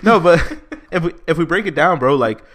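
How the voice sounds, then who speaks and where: A man's voice: fairly high pitch, expressive, brisk, fairly bright tone. A man co-hosting a podcast in casual chat, joking, laughing often and swearing freely. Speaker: podcast co-host.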